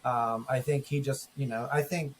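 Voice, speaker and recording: A man co-hosting a podcast in casual chat, telling a story with lively acted-out quotes. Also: medium pitch, normal speed, slight background noise. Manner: animated storyteller, acts out quoted exchanges. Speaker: podcast co-host.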